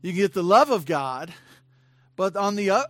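Male pastor, talky sermon delivery, slightly high voice, dry close recording. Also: expressive, normal speed, a bit bright, dry recording. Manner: conversational preaching with frequent fillers and restarts; rises to emphatic bursts on key points.

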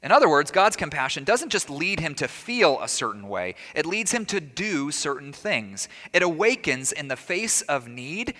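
Bright-voiced preacher in a reverberant hall. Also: male voice, fairly high pitch, sing-song, moderate pace, hardly any pauses. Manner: conversational, with rhetorical questions and humorous asides. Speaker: pastor. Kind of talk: sermon. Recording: long reverb of a large hall.

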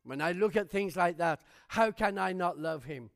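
High-voiced man preaching with fervor. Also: moderate pace, gravelly. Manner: fervent rhetorical questions; animated storytelling. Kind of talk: sermon with personal testimony.

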